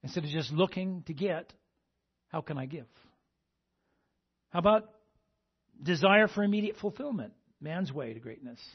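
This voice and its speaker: Man, pastor, sermon, husky voice, a little high, dull lo-fi sound. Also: expressive, normal speed, long pauses. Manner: call-and-response, repeating "amen?" to the congregation.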